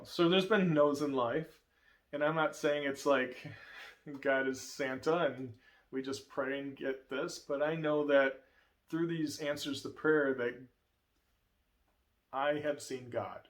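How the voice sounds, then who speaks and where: A man of ordinary middle pitch recounts a personal story of answered prayer as a guest speaker in church. His delivery is earnest and emotional, in a storytelling manner. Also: a bit bright. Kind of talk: testimony in a church service.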